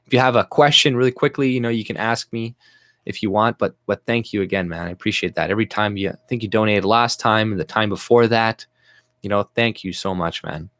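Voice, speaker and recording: A man's voice: on the low side, brisk, a bit bright, no room sound. Guy ranting on a livestream, swears a lot, chuckles, dry close mic. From Canada. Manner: blunt, profane, laughs often. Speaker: livestream host. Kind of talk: casual livestream rant.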